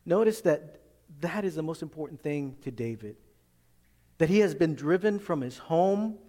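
Pastor preaching in a reverberant hall. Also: male voice, a little high, lively intonation, moderate pace, mellow. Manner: earnest, reads scripture aloud then explains it in plain talk. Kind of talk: sermon.

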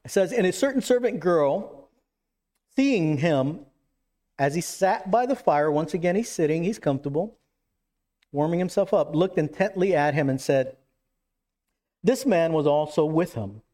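A man preaching a sermon in an earnest, emphatic way, acting out quoted lines with shifts in pitch and pace. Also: animated, normal speed, mellow. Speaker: pastor.

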